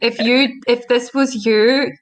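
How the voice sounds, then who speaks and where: A woman's voice: a little high, steady tone, slow pace. Laughing Scottish woman podcast guest. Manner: laughing, candid, playful. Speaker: guest, meme page owner. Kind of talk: casual chat.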